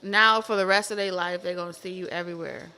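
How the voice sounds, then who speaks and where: A woman giving a casual tarot reading to camera, animated and profane, repeating herself with laughing asides. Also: on the low side, fast, clean tone. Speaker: tarot reader.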